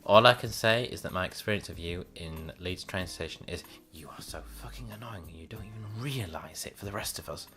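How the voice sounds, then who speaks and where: A man in his late twenties with a Northern English accent rants to his camera, exasperated and sarcastic, with plenty of swearing. His voice has a bright, forceful edge. Faint music plays quietly behind him. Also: low voice, a little fast, hardly any pauses. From Northern England. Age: late 20s. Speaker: vlogger. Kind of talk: ranting vlog monologue.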